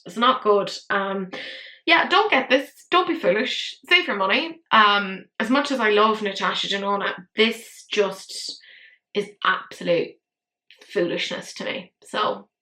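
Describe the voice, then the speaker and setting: A woman's voice: medium pitch, measured pace, sharp tone. A woman, hosting casual makeup commentary, swearing and exasperated, mocking herself. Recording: echoey room.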